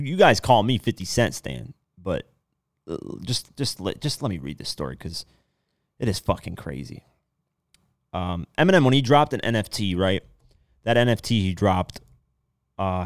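A man's voice: low-pitched, dry recording, clean studio sound. A man hosting a podcast alone, talking loosely and rambling, with casual swearing. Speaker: podcast host. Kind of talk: casual solo commentary.

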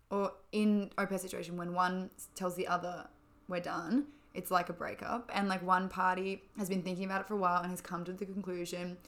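A woman's voice: on the low side, fairly bright tone. A young woman chatting as a podcast co-host, telling a story with lots of fillers. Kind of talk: casual chat.

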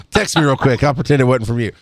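A man hosting a casual podcast and speaking as an EMS educator. He talks bluntly, laughs often and clears his throat now and then. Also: slight background noise. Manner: blunt and animated, swings up in pitch when fired up.

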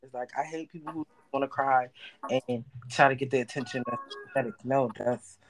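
A woman's voice: extremely low pitch, steady tone, fairly quick, faint music behind, poor audio. A woman guest on a podcast, talking in a casual, emphatic and slangy way.

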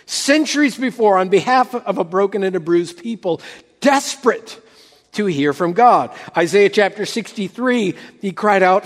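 High-voiced man preaching in a reverberant hall. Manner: dramatic, swelling then dropping to near hush. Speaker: pastor. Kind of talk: sermon.

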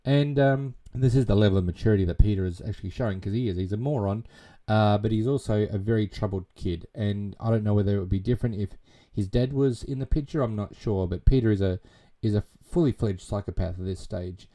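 A man with a low, very dark and mellow voice rambles through a film's plot in a casual retelling. He leans on constant fillers and casual swearing as he goes. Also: fairly quick. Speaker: film recap narrator.

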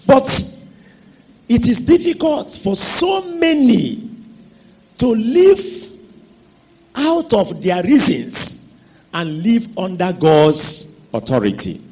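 A male preacher with a high, husky, sing-song voice leaps up and down in pitch during his sermon. He speaks slowly, stretching his phrasing and swinging between loud and soft, and asks call-and-response questions, leaving gaps for the congregation to finish his sentences.

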